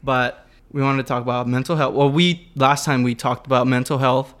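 A man's voice: medium pitch, fairly even intonation, a little fast, fairly bright tone. A young man hosting a casual podcast chat, rambling and swearing freely with lots of restarts. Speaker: podcast host.

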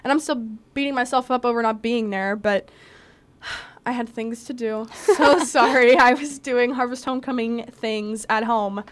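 A woman's voice: a little high, unhurried, clean tone. A young woman hosting a podcast in a bubbly, giggly, chatty way. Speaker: podcast host. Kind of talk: casual chat.

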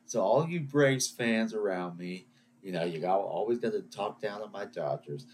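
A man's voice: lowish voice, animated, moderate pace, a little mellow, slight background noise. Rambling, ranting male podcast host. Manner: rambling, self-deprecating, ranting. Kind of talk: solo rant podcast.

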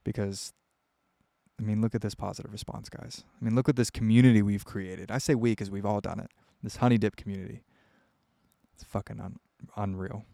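A young man hosts his own podcast, talking straight into a close microphone in a dry, dead room. His voice sits low with a gravelly edge, and he rambles candidly, full of fillers and restarts. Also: fairly even intonation, fairly quick, mellow, no room sound. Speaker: podcast host answering listener questions. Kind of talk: casual solo podcast.

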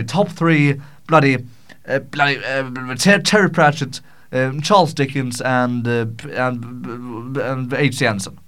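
A man's voice: medium pitch, fairly bright tone. A man hosting a podcast in a casual solo Q&A, rambling and self-mocking with frequent stammers and swearing, in a small home studio. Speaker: podcast host.

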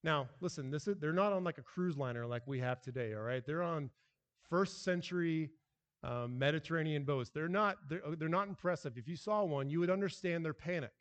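Male pastor, sermon, lively emphatic delivery, fairly high voice. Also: a little fast, in a large hall, muffled recording. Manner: animated, emphatic preaching with restarts.

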